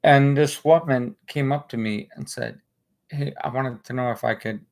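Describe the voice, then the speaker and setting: A man hosting a casual livestream, talking earnestly in a halting way with many restarts. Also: medium pitch, gravelly. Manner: earnest and emotional. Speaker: livestream host.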